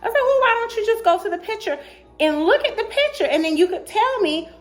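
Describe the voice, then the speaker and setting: A woman with a high voice tells a dating story to her viewers in a casual storytime. Her pitch swings widely as she acts out both sides of the chat, and she is sassy and animated, laughing often along the way. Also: brisk, soft background music. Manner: laughs often while telling. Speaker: vlogger telling a dating story.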